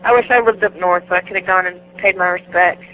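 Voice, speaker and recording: A woman tells stories in a loose, animated way, slipping into the voices of the people she describes. She comes through a thin, tinny phone line with a faint hiss underneath. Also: fairly low pitch, fast talker. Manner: animated, laughing, acts out the voices in her stories. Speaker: guest wrestler. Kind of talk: casual storytelling interview.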